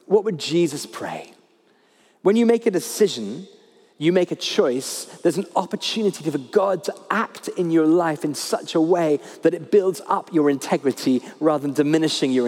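A man preaches in a high, lively voice that swoops up and down as he stresses each point. He repeats his key phrases to drive them home. The sound rings with the long reverb of a church hall. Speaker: pastor. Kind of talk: sermon.

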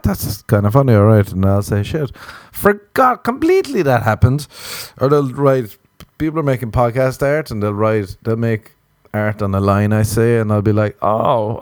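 A young Irish man hosting a podcast, rambling through a comic, self-mocking monologue and sliding into high mock voices. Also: fairly quick, a little mellow, no room sound, studio quality. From Ireland. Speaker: podcast host. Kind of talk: casual comedic monologue.

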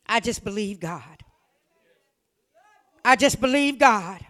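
A woman preaching a fervent sermon, repeating phrases and often shouting. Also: on the high side, expressive, takes it slowly, long pauses.

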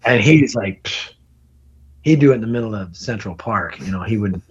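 A middle-aged man, a podcast guest, telling a long road story in casual, animated talk, swearing and laughing as he goes. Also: on the low side, fairly quick, breathy edge. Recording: dull lo-fi podcast audio.

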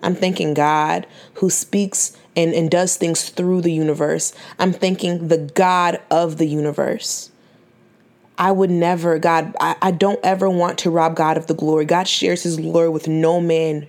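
A woman's voice: low-pitched, little pitch movement, a little slow, a little mellow. A 21-year-old woman giving an earnest, faith-filled personal testimony on her podcast, fighting back tears and often restarting her phrases. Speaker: podcast host.

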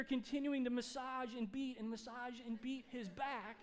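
A male pastor preaching a sermon, telling a story with animated delivery and acted-out dialogue. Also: very high voice, normal speed, few pauses. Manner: animated, acts out dialogue in his stories.

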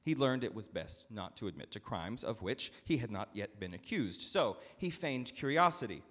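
A male pastor telling a story in a sermon with dramatic, expressive narration, recorded in a church. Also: lowish voice, moderate pace. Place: church sanctuary. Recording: long church hall reverb.

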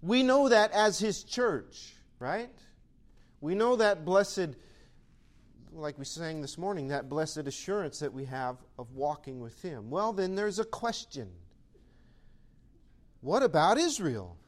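A male pastor preaching a sermon to his church, animated and conversational, sometimes acting out imagined voices. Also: fairly high pitch, slow.

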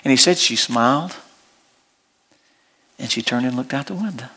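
A man preaching a sermon as pastor, with big swells of emotion and soft, tender storytelling that comes close to tears. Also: animated, normal speed, slightly rough. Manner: preaching with big rises in pitch, then dropping soft and low for a story.

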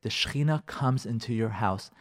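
A man's voice: mid-range voice, normal speed. A man teaching a radio class as a rabbi, emphatic and repetitive, sprinkling in Hebrew and Yiddish terms. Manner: acts out listeners' imagined voices. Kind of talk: radio Torah class on marriage.

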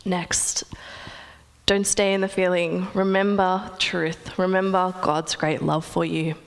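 A young woman preaching a sermon in an earnest, measured way, with reflective pauses. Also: fairly low pitch, in a large hall.

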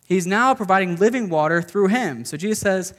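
A man with a notably high voice preaching to a gathered group. He talks in a loose, conversational way, often checking in with "okay" and slipping in "like" as he explains things. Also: animated, a little fast, a bit bright. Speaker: pastor. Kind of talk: casual sermon to a live group.

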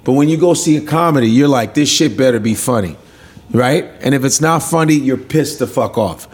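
A standup comedian, chatting casually on a podcast, animated and profane, acting out hecklers. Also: male voice, medium pitch, fairly quick. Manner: animated, profane, acts out hecklers in funny voices.

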